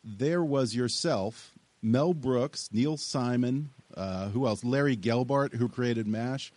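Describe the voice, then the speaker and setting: A man's voice: mid-range voice, slow, a little mellow, no echo. A man interviewing a guest on radio, prompting him with questions and listing names.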